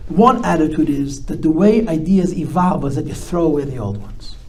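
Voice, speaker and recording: A man's voice: a little high, animated, moderate pace, dark tone, slightly rough. A man, a rabbi, speaking to a live audience and answering their questions, reflective, with emphatic bursts. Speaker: rabbi giving a talk. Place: talk before a live audience.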